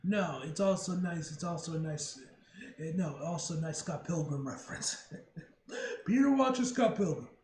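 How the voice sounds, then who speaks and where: A man's voice: a little high, animated, normal speed, darkish tone. A man giving casual comic commentary as a reaction video host, rambling with joking asides and frequent self-corrections. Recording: roomy room, faint noise.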